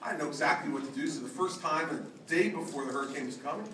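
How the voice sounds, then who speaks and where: A man's voice: a little high, animated, very fast. A middle-aged man giving a punchy, joking campaign speech from a podium. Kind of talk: political rally speech with anecdotes. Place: large crowded hall. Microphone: podium microphone. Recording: echoey hall, distant mic, loud crowd.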